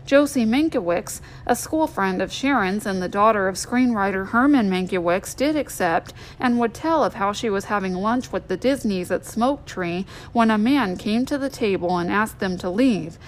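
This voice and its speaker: A woman's voice: medium pitch, lively intonation, normal speed, hardly any pauses, a little hiss or hum, low-quality recording. A woman narrating a biography as an audiobook, reading steadily with small restarts now and then. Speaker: audiobook reader.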